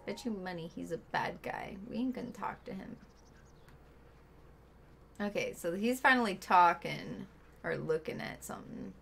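A woman's voice: on the low side, animated, normal speed, creaky, long pauses, a bit bright, husky. A woman streaming a video game, chatting casually, muttering asides and shooing a pet away. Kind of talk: casual gameplay chat.

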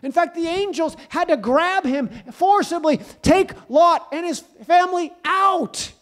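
A man with a very high voice preaches a sermon. He hammers each point with repetition and rises at times into shouted declarations. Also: a little slow.

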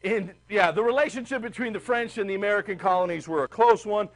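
A man teaching a history class, chatty and animated, asking the class questions. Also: sits high, fast. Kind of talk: classroom lecture.

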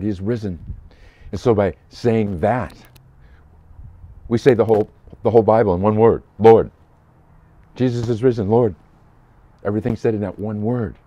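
A man's voice: fairly low pitch, mellow, muffled recording. A man as a pastor giving a short Easter sermon, telling a Bible story earnestly and voicing the people he quotes.

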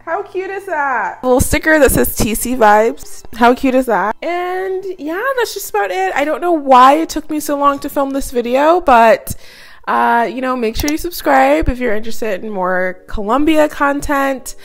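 Chatty young woman with a lively high voice. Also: moderate pace, creaky. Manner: chatty, lots of fillers and laughs. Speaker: student vlogger. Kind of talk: casual haul vlog.

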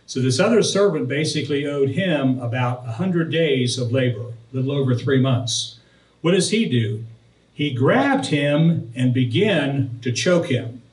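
A pastor preaching, telling a personal story and then reading and explaining scripture verses. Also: male voice, mid-range voice. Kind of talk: sermon. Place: church sanctuary. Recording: roomy, distant from the mic.

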